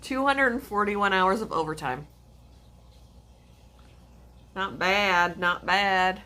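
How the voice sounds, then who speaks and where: Slow-talking woman with a bright voice. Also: medium pitch. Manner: chatty, talks to her pets and to chat viewers. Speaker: live-stream host. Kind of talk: casual live-stream chat.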